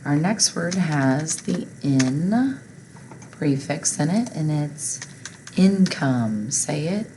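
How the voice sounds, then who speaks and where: Slow, patient woman teaching phonics. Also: low-pitched, expressive, dark tone, a little hiss or hum, rough recording. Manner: slow, patient, prompting listeners to repeat. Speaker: reading and spelling teacher. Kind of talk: slow phonics lesson, say-and-spell drills.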